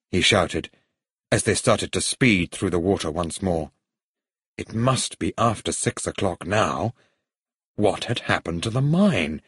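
A man reads an adventure story aloud in a steady, even way. His voice sits low and is slightly husky. The recording is dry and close to the mic. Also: no echo. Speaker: narrator. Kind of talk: audiobook story reading.

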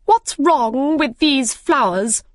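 A woman voicing the imperious Queen of Hearts, who shouts her commands in a high, strained voice. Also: animated, slow pace, no room sound, studio quality. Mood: furious.

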